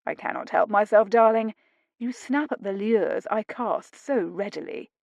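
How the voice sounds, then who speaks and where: A playful young nobleman, calm and fond, teasing his wife gently, read by a woman in her own voice. Her pitch stays in a middle range, and the recording is dry and close. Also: unhurried, creaky, no room sound. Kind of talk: audiobook dialogue reading.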